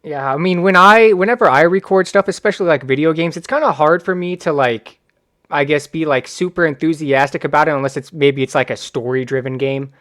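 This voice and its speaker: Brief: young podcast guest, low-key and hesitant, voice a touch high. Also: male voice, a little fast, fairly bright tone. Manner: laid-back, reserved, hesitant with fillers. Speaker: podcast guest, gaming YouTuber. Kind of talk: casual podcast chat.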